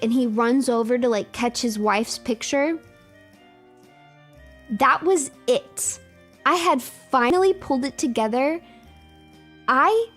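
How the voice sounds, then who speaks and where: Animated high-voiced young woman streamer. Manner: animated, emphatic storytelling with repetition. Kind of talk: casual chat to stream viewers.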